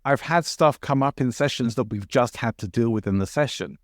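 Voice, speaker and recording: Male coach, podcast co-host. Mid-pitched, steady, explanatory delivery. Dry, close recording. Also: brisk, no room sound. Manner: steady, explanatory, quotes clients and himself in passing. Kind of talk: conversational podcast discussion.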